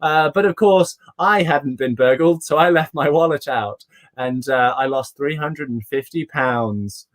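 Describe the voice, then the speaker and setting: A man's voice: on the high side, measured pace. A young man hosting a comedy showcase, rambling through his set with fillers and chuckles. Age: young adult. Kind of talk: stand-up routine. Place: home, online showcase.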